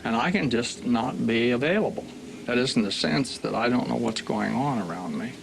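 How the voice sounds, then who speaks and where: A man's voice: mid-range voice, expressive, moderate pace, creaky. An older man in an interview, speaking in a thoughtful and hesitant way. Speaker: economist, interviewee. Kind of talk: interview talk. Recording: noisy interview audio.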